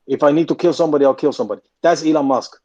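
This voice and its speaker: A man's voice: a little high, very fast, a little mellow. A man co-hosting a casual podcast chat, blunt and repeating his points for emphasis. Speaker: podcast co-host. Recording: muffled podcast audio.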